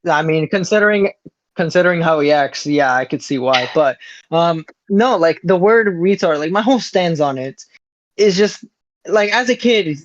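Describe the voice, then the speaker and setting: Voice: medium pitch, expressive, moderate pace, no echo. A guest speaks bluntly in a casual online chat and laughs things off. The voice sits mid-range. The audio is dull and dry.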